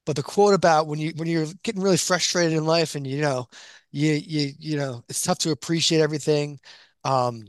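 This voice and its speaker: A man co-hosting a casual podcast, asking questions in a halting way with many restarts. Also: on the high side, fairly even intonation, no room sound, clean studio sound. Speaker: podcast co-host. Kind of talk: casual chat.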